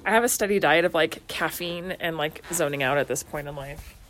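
There's slight background noise as this woman in her thirties, a mom and podcast co-host, talks in a low, somewhat bright voice. The chat is casual and rambling, with frequent laughter and many "likes."

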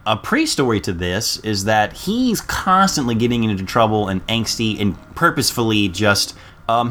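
A young adult man telling a funny story on a casual podcast, jumping up in pitch to mimic other people. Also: slight background noise. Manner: animated storyteller, jumps high to mimic people. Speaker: podcast co-host.

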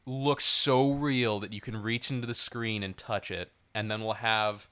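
A male podcast co-host rambles through a casual, animated conversation, saying "like" constantly and dropping the occasional swear word. His voice sits on the low side and is smooth, with a measured pace.

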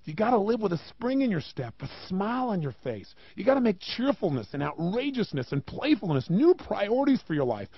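A man giving a motivational talk, emphatic and animated, with many rhetorical questions and a gravelly voice. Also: high-pitched, brisk, few pauses, no room sound, muffled recording. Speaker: motivational speaker.

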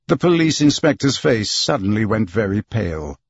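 A man narrating an audiobook in a steady, expressive reading. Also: lowish voice, moderate pace, vocal fry, hardly any pauses, husky, dry recording, highs cut off. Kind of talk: scripted narration.

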